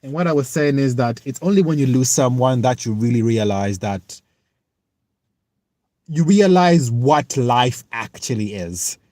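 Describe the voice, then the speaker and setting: A young man from the United Kingdom talks slowly and earnestly on a casual livestream, answering viewer comments one by one. His voice sits at a mid pitch and is captured dry and close, with no room sound around it. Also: expressive, a little mellow, no room sound. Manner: earnest, reflective, halting.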